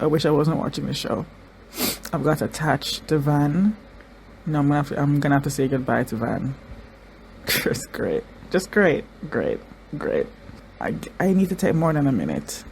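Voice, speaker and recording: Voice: mid-range voice, gravelly, darkish tone, slight background noise. A show reaction vlogger in casual commentary, crying through it and talking emotionally, with stammers and restarted sentences.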